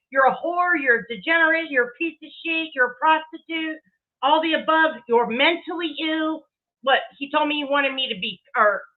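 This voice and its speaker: A woman giving a heated, profane commentary rant with emphatic delivery and laughing asides. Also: sits high. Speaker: commentary streamer. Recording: tinny phone-like audio.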